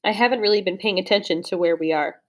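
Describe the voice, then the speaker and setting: A fast-talking young woman with a medium-pitched voice narrates a novel written in the first person. She reads it as an audiobook in a steady storytelling manner, now and then stumbling and starting again.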